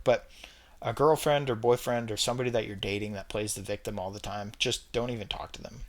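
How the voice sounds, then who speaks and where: A young man talking straight to camera in a casual opinion vlog, emphatic and repeating his points with chatty fillers. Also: mid-range voice. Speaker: vlogger ranking red flags.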